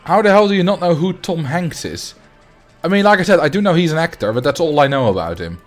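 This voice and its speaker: A man's voice: fairly high pitch, animated, fast, faint music behind. A young adult man streaming a game, chatting casually and rambling as he answers his viewers. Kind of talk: casual livestream chat while playing.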